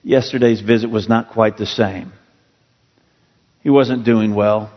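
A man's voice: fairly low pitch, fairly even intonation, unhurried, big-room sound, muffled recording. A male pastor preaching a sermon in a church, earnest and storytelling, leaning hard on key words. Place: church sanctuary.

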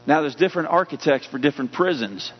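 Male pastor, sermon delivery, slightly high voice, punches up the scripture readings; muffled recording with long hall echo. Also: lively intonation, fast, breathy edge. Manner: preaching with rising emphasis on scripture readings. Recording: dull hum-laden audio with long hall reverb.

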